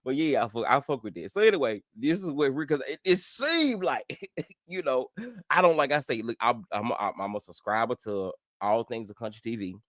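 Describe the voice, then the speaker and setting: A middle-aged man with a Memphis Southern accent, hosting a casual commentary vlog in a rambling, profane way, full of restarts and sudden animated exclamations. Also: medium pitch, normal speed, no echo. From Memphis, Tennessee. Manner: rambling, profane, with frequent self-interruptions and restarts. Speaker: YouTube commentary host.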